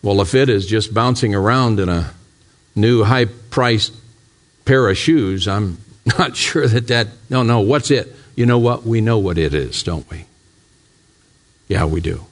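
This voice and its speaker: A man's voice: fairly low pitch, a little slow. A man, a pastor, preaching a sermon in a church, putting question after question to his congregation and building to fervent, raised appeals. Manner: asks the congregation repeated rhetorical questions.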